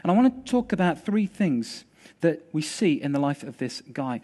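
A man with a notably high voice delivers a sermon as a personal story. He talks in a casual, animated way, tripping over words now and then as he tells it. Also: moderate pace. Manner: animated, conversational storytelling with restarts. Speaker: preacher.

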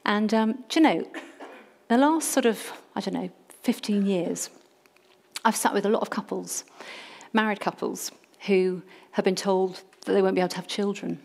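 Lively woman preaching a sermon. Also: mid-range voice, normal speed, vocal fry. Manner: animated, humorous, calls on the congregation to repeat words. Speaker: church leader.

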